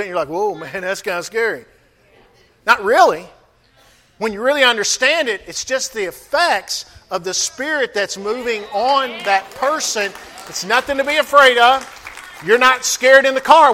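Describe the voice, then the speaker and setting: A man's voice: very high-pitched, pushed and bright. A man pastor preaching a sermon, calling out to the congregation for responses.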